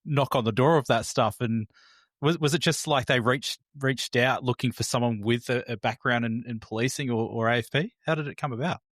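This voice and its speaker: A man's voice: mid-range voice, fairly quick, a bit bright, no echo, clean studio sound. Man asking interview questions. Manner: curious, restarts words while asking. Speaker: podcast host.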